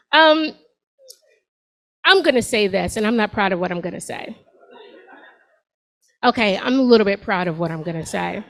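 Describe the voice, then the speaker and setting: A woman's voice: mid-range voice, animated, normal speed, long pauses, fairly bright tone, rough recording. A woman in her forties doing a stand-up set on a comedy club stage, talking to the crowd in a sassy, conversational way. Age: 40s.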